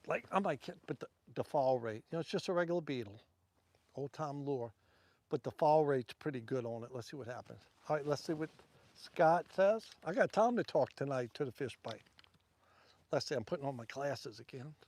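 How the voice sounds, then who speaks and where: A man's voice: mid-range voice, darkish tone, no echo. A man with a Southern Louisiana accent chatting casually to livestream viewers while fishing from a wharf at night, rambling between casts.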